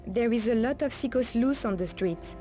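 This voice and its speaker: A woman's voice: fairly high pitch, moderate pace, over music, natural voice. An actress playing a wary streetwise woman of the night streets, with a French accent and French endearments, guarded and cautioning.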